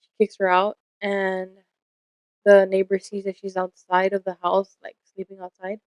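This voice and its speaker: A woman's voice: mid-range voice, completely flat delivery, a little slow, darkish tone, clear, resonant tone, no echo, rough recording. A young woman co-hosting a casual podcast, telling stories candidly and swearing freely, acting out the lines of the people in them. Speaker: podcast co-host.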